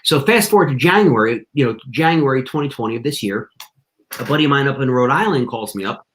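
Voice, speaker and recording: A man's voice: medium pitch, animated, fast, fairly bright tone. A man talking as a podcast guest, telling a story in a casual, slangy way full of "you know" and "dude".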